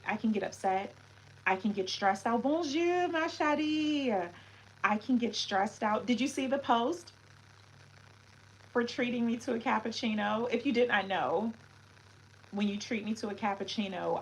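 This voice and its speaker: A woman's voice: mid-range voice, a little hiss or hum, rough recording. Chatty woman hosting a livestream. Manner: chatty, reflective, greets viewers with French words. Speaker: livestream host. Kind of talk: casual livestream chat.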